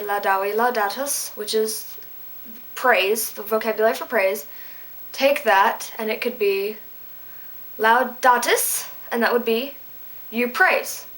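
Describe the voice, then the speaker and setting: A woman's voice: on the high side, fairly bright tone, rough recording. Playful woman teaching Latin verbs. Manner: playful, goofy asides and self-deprecating jokes. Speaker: Latin tutor. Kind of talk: casual video lesson.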